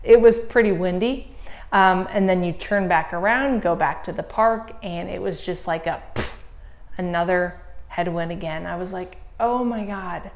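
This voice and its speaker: A woman's voice: lowish voice, a little slow, roomy sound. Blunt, candid woman recounting a race. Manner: candid, blunt, swears freely; lively retelling with self-quoted inner dialogue. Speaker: triathlon coach. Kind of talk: casual race-report monologue.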